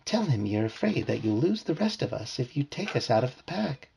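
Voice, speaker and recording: A man reading aloud and voicing a tiny female alien who speaks in a formal, measured way. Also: mid-range voice, big pitch swings, vocal fry, darkish tone, a little hiss or hum. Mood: urgent.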